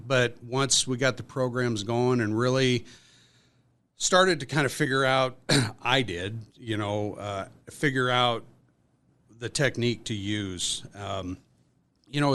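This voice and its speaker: With a mid-range voice that sounds pushed and bright, the man rambles casually through workplace stories as a podcast guest, his anecdotes full of filler words.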